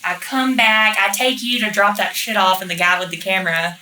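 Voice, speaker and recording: A woman's voice: medium pitch, brisk, bright, forceful tone, a little hiss or hum. A woman being interviewed, telling a rambling story in casual chat, full of swearing and fillers like "like" and "you know". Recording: roomy echo, mic at a distance.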